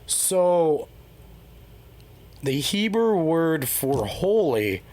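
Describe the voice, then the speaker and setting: A man's voice: fairly high pitch, very animated, very slow, darkish tone. A man co-hosting a casual podcast, reading scripture passages aloud and then musing and joking about them. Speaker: podcast co-host. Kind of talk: casual religious discussion podcast.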